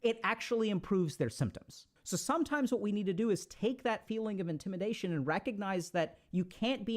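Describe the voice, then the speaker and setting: Brief: upbeat man with a slightly high voice, talking through advice in a lively, jokey way. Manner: animated, conversational, jokey asides. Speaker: speaker giving social advice. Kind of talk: casual advice talk.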